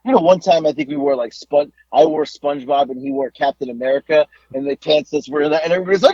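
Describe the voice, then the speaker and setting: A man co-hosting a podcast, telling a wrestling story in a casual, animated way, laughing and swearing as he goes. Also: on the high side, fast talker, few pauses, no echo, muffled recording.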